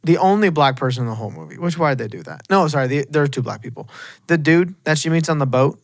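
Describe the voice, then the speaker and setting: A man's voice: on the high side, quick pace, gravelly, dry recording, clean studio sound. A young man co-hosting a podcast, giving blunt, emphatic opinions in casual chat. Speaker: podcast co-host. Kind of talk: casual movie review chat.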